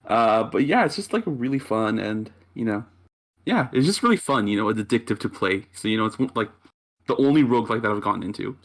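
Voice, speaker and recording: A man's voice: lowish voice, expressive, a little fast. Laid-back man guest chatting on a podcast. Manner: laid-back, many "you know" fillers, laughs often. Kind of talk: casual chat.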